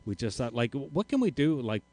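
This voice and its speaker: Male studio guest, mid-pitched, easygoing storyteller, dry sound. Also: big pitch swings, normal speed, a little mellow, dry recording. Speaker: guest performer. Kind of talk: casual interview chat.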